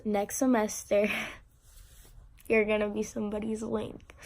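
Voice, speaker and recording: A teenage girl telling an emotional personal story to camera, halting and on the verge of tears, with many fillers and restarts. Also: fairly high pitch, darkish tone. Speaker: vlogger.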